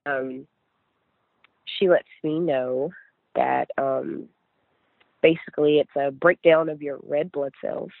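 A woman's voice: deep voice, creaky, no room sound. A young woman from West Virginia telling her own story in a chatty, earnest way, full of "like" and "you know". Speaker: guest sharing her story. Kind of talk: casual personal storytelling. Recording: tinny phone-like dry line.

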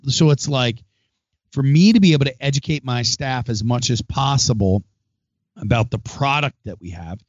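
A man's voice: mid-range voice, normal speed, dry recording, lo-fi sound. A middle-aged man and restaurant owner hosting a show, talking in a chatty, rambling way. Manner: chatty, rambling, acts out phone calls. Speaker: podcast host and restaurant owner. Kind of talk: casual monologue.

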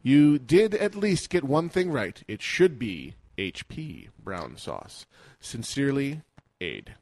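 A man's voice: mid-range voice, very animated, takes it slowly, darkish tone, no room sound. Playful man on a dry podcast mic. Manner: playful, teasing, reads listener email aloud. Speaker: podcast co-host. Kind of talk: casual podcast banter.

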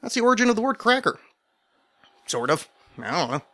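Rambling, bright-voiced man hosting a podcast. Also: high-pitched, big pitch swings, fairly quick. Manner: rambling, self-deprecating, full of restarts and asides. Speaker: podcast host. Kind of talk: casual rambling solo monologue.

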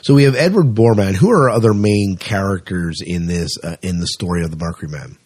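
A man's voice: sits low, fairly quick, a little mellow, breathy edge. A man hosting a podcast, asking questions and reacting briefly in a friendly way. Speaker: podcast host, interviewer.

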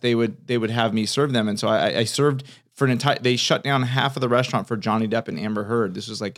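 A man in his thirties, a comedian chatting casually on a podcast and telling animated stories full of restarts. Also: medium pitch. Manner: animated storyteller, restarts and fillers. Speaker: comedian guest.

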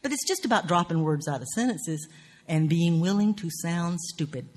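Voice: medium pitch, expressive, moderate pace, darkish tone. A writing teacher with a Southern US accent, lecturing on craft in an earthy, profane, wry way with folksy grammar.

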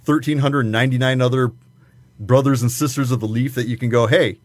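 A man's voice: medium pitch, fairly even intonation, brisk, no echo. A man, a guest talking casually and at length about cigars, with many fillers and restarts. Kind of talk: casual chat.

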